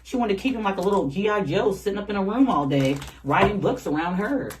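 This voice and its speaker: An animated tarot reader talks casually to the viewers in a loose, slangy way and laughs often. The voice sits at an ordinary middle pitch, and a faint hiss runs under the recording. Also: quick pace, rough recording. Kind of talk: casual tarot reading to camera.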